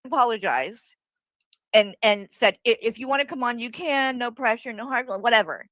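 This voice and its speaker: A woman's voice: fairly high pitch, moderate pace, fairly bright tone, no echo, rough recording. A woman arguing on a livestream, bluntly accusing someone with swearing and rambling asides. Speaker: guest confronting the host. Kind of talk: heated livestream argument.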